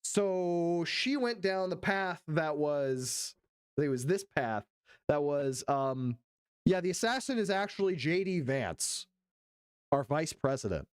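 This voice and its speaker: A young man streaming, reacting to clips in profane, excited commentary full of laughs. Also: a little high, a little slow, smooth, no echo, studio quality.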